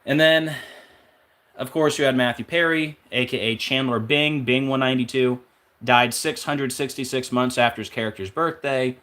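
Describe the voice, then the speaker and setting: A man's voice: medium pitch, fairly bright tone. A man hosting a casual numerology video, rattling off number connections in a conspiratorial way and often going off track. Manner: rapid, listing numbers and links, conspiratorial; off-track, searching aloud with fillers. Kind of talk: casual rambling monologue.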